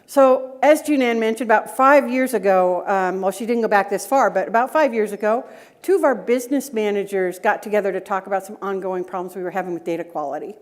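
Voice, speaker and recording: Middle-aged woman speaker, mid-pitched, tells anecdotes and checks in with the audience. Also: brisk. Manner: storytelling, asks the audience rhetorical questions. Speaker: conference speaker, data governance director. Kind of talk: conference talk with personal anecdotes. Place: conference breakout room.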